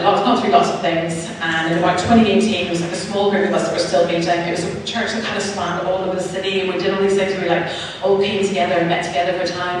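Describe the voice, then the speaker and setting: A woman's voice: on the low side, noisy background. A woman giving a chatty personal testimony as a preacher, telling her story and acting out the voices of others. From Northern Ireland. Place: church hall. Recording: echoey hall, mic far off.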